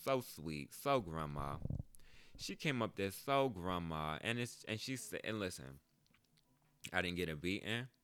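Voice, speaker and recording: Animated joking man, podcast host. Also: low voice, unhurried, clean tone. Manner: animated, joking, swears freely. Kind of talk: casual storytelling monologue.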